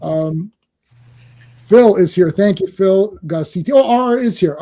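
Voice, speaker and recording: Canadian guy hosting a chill livestream, high voice but mellow tone, chatty. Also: a little slow. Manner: chatty, laughing, breaks into silly voices. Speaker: podcast host. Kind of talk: casual livestream chat.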